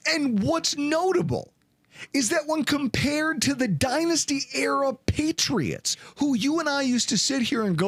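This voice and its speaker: A man's voice: extremely high pitch, lively intonation, a little slow, no echo. A man hosting a sports podcast, ranting in a casual, sarcastic way. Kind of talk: casual sports talk rant.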